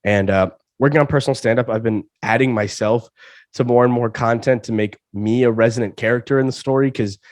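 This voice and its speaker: A man's voice: mid-range voice, fairly quick, no echo, studio quality. A young man in his twenties from Alabama, a comedian guest on a casual interview, feeling sick and often stammering over restarts. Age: 20s. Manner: stammering restarts, repeats words.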